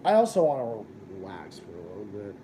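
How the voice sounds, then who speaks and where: A man's voice: lowish voice, wildly swooping pitch, fairly quick, heavy background noise. Profane ranting young man on stream. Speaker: livestream host. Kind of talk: casual live-stream chat.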